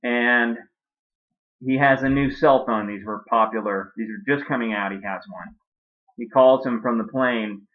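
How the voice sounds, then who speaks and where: A man's voice: medium pitch, a little slow. Man telling a rambling comic story. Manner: rambling, offhand, with crude asides. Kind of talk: comedic storytelling. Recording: dull lo-fi recording.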